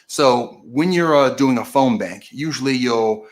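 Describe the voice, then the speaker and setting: Recorded on a camera, a man hosting a political stream talks in a mid-range voice at a slightly slow pace. He casually walks through a process step by step, explaining methodically but often restarting and correcting himself mid-sentence.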